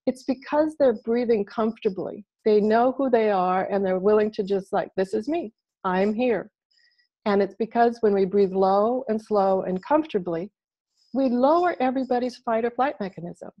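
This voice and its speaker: Woman, expert guest, animated, acts out quotes, video call, muffled sound. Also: medium pitch, moderate pace. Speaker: body language expert guest. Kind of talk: casual interview over video call. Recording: dull lo-fi video call audio.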